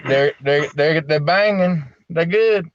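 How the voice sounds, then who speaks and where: A man's voice: fairly high pitch, slow, no room sound, highs cut off. A middle-aged man, chatting casually on a live stream from a gas station at night, drawling and repeating his words. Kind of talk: casual chat.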